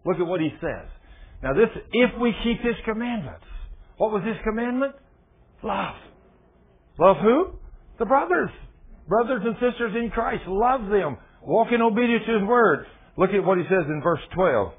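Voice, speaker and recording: A man preaching a sermon, telling stories dramatically and swinging from loud exclamations to hushed, low lines. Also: sing-song, normal speed, slightly rough. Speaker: pastor. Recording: tinny phone-like sound.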